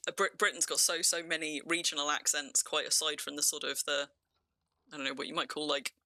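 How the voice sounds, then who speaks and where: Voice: mid-range voice, level tone, a little fast, sharp tone, dry recording. A game streamer from England with a near-RP southern English accent, chatting casually through play, laughing often and restarting sentences. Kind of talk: casual live-stream commentary.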